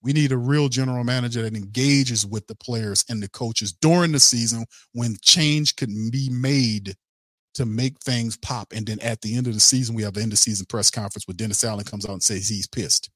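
A man's voice: medium pitch, moderate pace, a bit bright, no room sound, studio quality. A man hosting a sports podcast, ranting in a blunt, heated and profane way to his live chat. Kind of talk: casual sports commentary rant.

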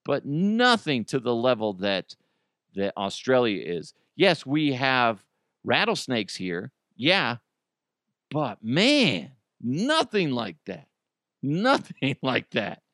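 A man from the United States hosting a casual news commentary podcast, animated and swearing freely, laughing often. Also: medium pitch, takes it slowly, no room sound, studio quality. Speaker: podcast host.

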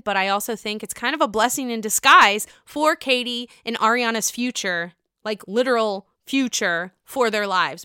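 Bright, clear-voiced woman ranting. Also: medium pitch, no room sound, studio quality. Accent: US East Coast. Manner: swearing, animated, sarcastic ranting. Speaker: podcast host. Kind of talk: casual reality-TV recap.

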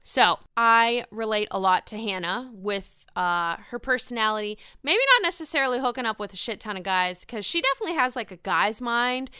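Bright, crisp, animated woman gossiping. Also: on the high side, no room sound, studio quality. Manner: animated, profane, gossipy, fast-shifting emphasis. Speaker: reality TV recap host. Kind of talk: casual solo commentary.

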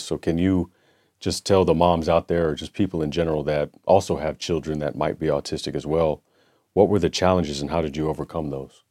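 A man with a very deep voice hosts an interview show, setting up his questions at length with frequent restarts. The sound is dry and close, with no room around it. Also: steady tone, a little fast, dry recording. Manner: warm-up questions with long, rambling setups and restarts. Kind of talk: conversational interview.

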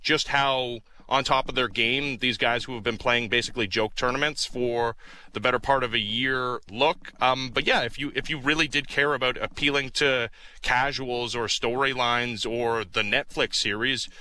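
A man's voice: medium pitch, fairly even intonation, normal speed, pushed and bright. A man co-hosting casual sports talk, chatty and analytical, making long run-on points. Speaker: sports radio co-host.

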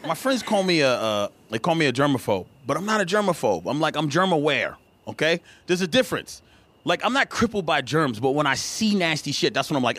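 A man's voice: high-pitched, quick pace, a little hiss or hum. A man performing a stand-up set, acting out the voices in his stories, with an audience laughing. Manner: animated, acts out voices. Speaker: stand-up comedian. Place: comedy club stage. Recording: live club recording with audience.

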